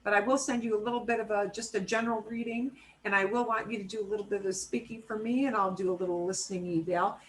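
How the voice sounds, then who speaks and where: A woman's voice: mid-range voice, fairly even intonation, quick pace, hardly any pauses, slight background noise, low-quality recording. A woman teaching a language class over a video call, chatty and explanatory, checking in often with "right?" and "okay?". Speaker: Spanish teacher. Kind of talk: casual online class teaching.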